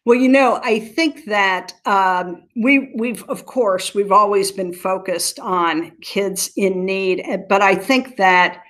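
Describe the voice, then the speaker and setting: A woman's voice: medium pitch, slow pace, few pauses, fairly bright tone. A woman from Southern Ohio, a nonprofit leader being interviewed, speaking earnestly and telling stories with frequent restarts. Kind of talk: conversational interview.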